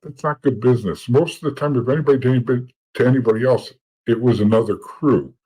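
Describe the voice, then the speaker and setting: A middle-aged former informant talks fast on a podcast in a warm, husky, mid-range voice, with low recording quality. His casual storytelling about his past is blunt and profane, with lots of repeated words.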